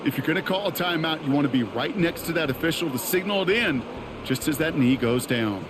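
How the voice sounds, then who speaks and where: A man's voice: on the high side, lively intonation, brisk, lightly acted. A man voicing the color commentator in a football video game, explaining plays in a conversational way. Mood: analytical. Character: chatty male football color analyst. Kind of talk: scripted sports commentary. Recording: loud game noise underneath.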